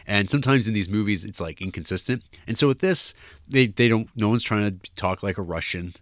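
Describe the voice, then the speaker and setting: On the low side and fairly bright, this man's voice runs a little fast as he co-hosts a podcast and rambles through a casual film review, heavy on fillers and restarts. It's studio-quality audio with no echo.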